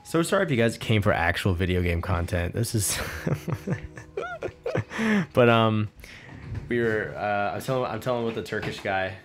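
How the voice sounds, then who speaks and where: A young man with a low voice rambles through a long story while playing a game, swearing freely and circling back on himself. Game music plays clearly under his commentary. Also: lively intonation, moderate pace, long pauses. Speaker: gaming channel host. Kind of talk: let's play commentary.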